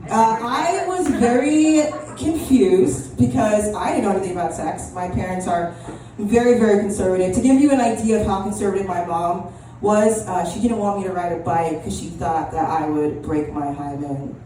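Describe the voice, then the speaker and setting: A woman's voice: mid-range voice, normal speed, mellow. A young woman doing an open mic stand-up set, rambling and self-deprecating with lots of ums and restarts. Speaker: stand-up comedian. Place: small comedy club. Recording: echoey room, distant mic, audible room noise.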